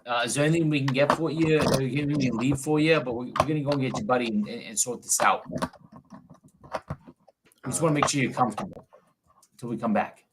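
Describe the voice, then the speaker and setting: A male player in a tabletop game chats casually, tripping over his words and repeating himself. His voice has an ordinary pitch. A steady hiss from the noisy call runs under everything he says. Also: fast talker, pauses often.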